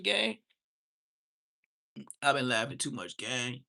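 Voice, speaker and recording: Animated slangy streamer man. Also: fairly high pitch, normal speed. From Southern California. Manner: animated, slangy, laughs a lot. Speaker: livestream host. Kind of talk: casual livestream reaction chat.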